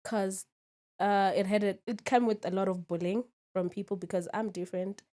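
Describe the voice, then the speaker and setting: A woman's voice: mid-range voice, steady tone, moderate pace, warm tone. A woman in her twenties, a podcast guest, talking candidly and often checking in with the listener. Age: 20s. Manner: candid, keeps asking "you understand?". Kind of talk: casual interview.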